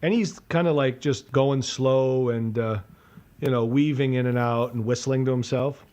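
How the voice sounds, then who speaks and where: Guy in his 40s telling a story on a podcast, lots of swearing, keeps restarting his sentences, middle-pitched voice. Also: normal speed. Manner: profane, animated storyteller with self-interruptions. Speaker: podcast co-host. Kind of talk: casual storytelling among friends.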